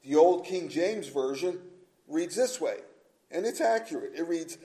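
Earnest preacher, mellow man's voice. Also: a little high, lively intonation, unhurried, rough recording. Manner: earnest, emphatic preaching with repeated phrases. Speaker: pastor. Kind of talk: sermon.

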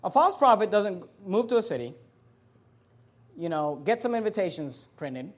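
A male pastor preaching a sermon, slowing and rising on key phrases, with chatty asides and repeated verse references. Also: high voice, sing-song. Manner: emphatic preaching, slows and rises on key phrases.

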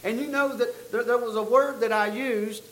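Male pastor, very high voice, storytelling sermon, rising to emphatic peaks, echoey church room. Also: fairly even intonation, moderate pace. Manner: storytelling preacher, building to loud emphatic peaks.

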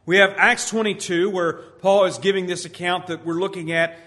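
A male pastor preaching a sermon with emphatic, drawn-out stresses, dropping his voice low when he quotes scripture, recorded in a church sanctuary. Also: fairly even intonation, fairly bright tone. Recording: church hall with long reverb.

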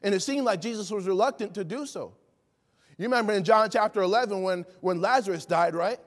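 A man's voice: high-pitched, brisk. A man preaching a sermon, emphatic and full of rhetorical questions, acting out the people he quotes. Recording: long hall reverb.

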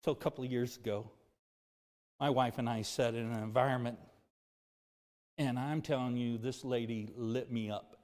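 A man's voice: steady tone, normal speed, long pauses. Man preaching in a reverberant church. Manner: swings from loud emphatic preaching to low quiet confession. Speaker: pastor. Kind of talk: sermon. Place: church sanctuary. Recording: music and long reverb of a church hall.

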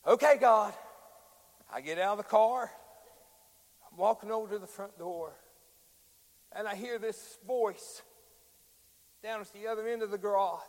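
A man preaches in a high, ringing voice. His sermon moves from quiet storytelling into loud, drawn-out shouting. The sound rings in a church hall with a long echo.

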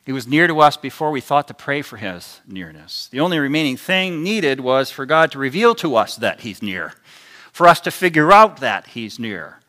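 A man preaching a sermon in a deliberate, emphatic way, his loudness rising and dropping sharply for stress. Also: medium pitch, big pitch swings.

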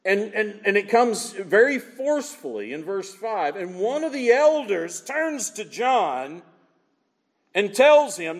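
Male pastor, high and very animated, emphatic rhetorical preaching, long hall reverb. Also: slow. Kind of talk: sermon.

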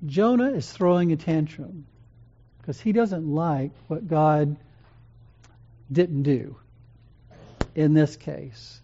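An earnest preacher with a warm, mellow tone speaks in a gentle, measured way, pausing often. The recording sounds dull and lo-fi. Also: mid-range voice. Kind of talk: sermon.

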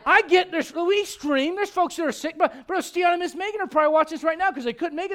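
High-voiced joking preacher. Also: male voice, fast talker, hardly any pauses. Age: middle-aged. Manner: animated, joking, swings from loud to hushed. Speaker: pastor. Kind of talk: sermon. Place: church.

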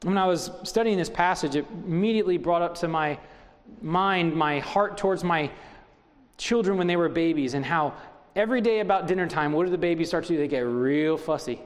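A man's voice: a little high, a little fast, in a large hall. A middle-aged man preaching a sermon as pastor, driving home his points with strings of rhetorical questions.

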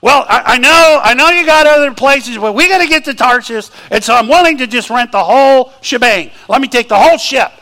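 A man doing a runaway prophet who stammers and rushes his words, dead set on escaping. The voice is bright and forceful. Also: very high voice, voice pushed up. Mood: eager. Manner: hurried, stammering, determined. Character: desperate runaway prophet, middle-aged man.

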